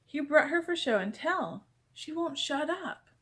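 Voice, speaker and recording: A woman's voice: high-pitched, lively intonation, unhurried, fairly bright tone, voice pushed up. A woman voicing a flustered, exasperated schoolteacher in a read-aloud storybook.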